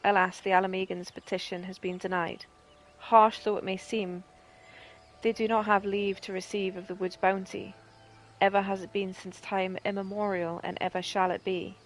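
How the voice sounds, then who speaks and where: A woman's voice: mid-range voice, flat delivery, normal speed, natural voice. A Northern English woman voicing a solemn, formal female village healer in a game, speaking in a stately way.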